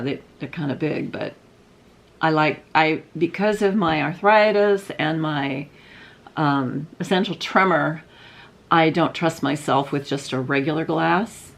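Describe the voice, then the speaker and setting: An older woman vlogging from home, chatting casually and rambling, with frequent fillers and restarts. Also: low voice. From Southern California. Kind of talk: casual unboxing chat.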